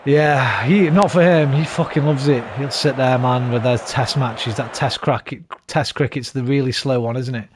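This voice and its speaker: A man's voice: medium pitch, normal speed, hardly any pauses. A British man in his thirties, casually chatting and swearing freely as he streams a football game and rants at his team. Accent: British English. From Britain. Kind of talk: casual gaming commentary. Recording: noisy background.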